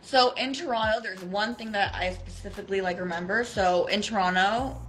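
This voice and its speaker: A woman's voice: mid-range voice, moderate pace, fairly bright tone, faint music behind, rough recording. A woman from Israel, a guest in a casual chat, telling a story animatedly with many fillers. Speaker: interview guest. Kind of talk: casual video-call chat.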